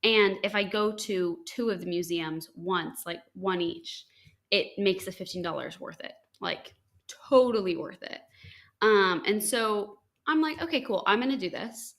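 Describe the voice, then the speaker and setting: A young woman from the United States, a podcast host, casually telling a story with lots of "like" and "um" and bright, high-pitched quoted lines. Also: unhurried. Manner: chatty, animated quotes with high-pitched acted lines, frequent likes and ums.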